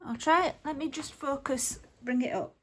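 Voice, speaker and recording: A woman's voice: high voice, normal speed, slight background noise. A woman chatting casually to camera as she unboxes a parcel at home, gushing and laughing now and then, filmed on her phone. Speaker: craft vlogger.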